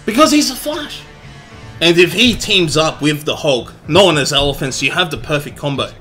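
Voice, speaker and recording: A man gives casual, excitable game commentary, swearing freely and joking between explanations. His voice sits a little high and sounds bright and forceful. Quiet music plays behind him. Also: moderate pace. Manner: energetic, jokey, profane. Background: faint background music.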